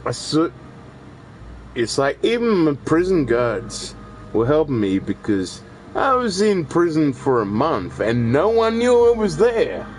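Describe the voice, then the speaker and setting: This man's voice is fairly high and very animated, though his pace stays measured, and the rough recording carries some hiss or hum. He is a gaming streamer chatting and rambling while playing a video game, cursing liberally and often starting his sentences over.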